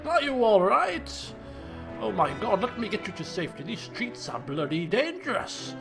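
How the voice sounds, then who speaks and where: A man voicing a medieval desert sultan in a mock-grand, slowed put-on voice. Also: high-pitched, very animated, gravelly, pitched above the performer's own voice, heavily acted. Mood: concerned. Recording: faint guitar music behind.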